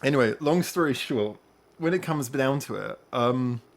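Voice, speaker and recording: A man's voice: medium pitch, normal speed. A man hosting a podcast, telling a long personal story in casual chat and acting out what other people said. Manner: animated, acts out others' lines. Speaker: podcast host.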